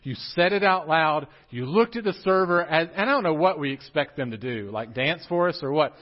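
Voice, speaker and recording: A man's voice: a little high, brisk, lo-fi sound. A young man preaching a casual, joking sermon to his congregation. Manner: joking, animated, talks straight to the congregation. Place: church sanctuary.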